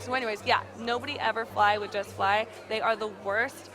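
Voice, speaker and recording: A woman in her twenties or so, telling a frustrating travel story to camera in an exasperated, animated way, full of fillers. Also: medium pitch, moderate pace, hardly any pauses, music in the background. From United States. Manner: exasperated, animated retelling with frequent fillers and laughs. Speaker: vlogger. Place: busy gaming convention hall. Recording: loud crowd chatter behind.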